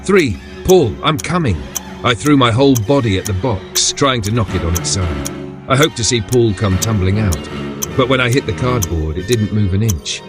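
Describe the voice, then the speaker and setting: A man narrating a horror story in the first person in a steady, measured way. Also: lowish voice. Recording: background music under voice.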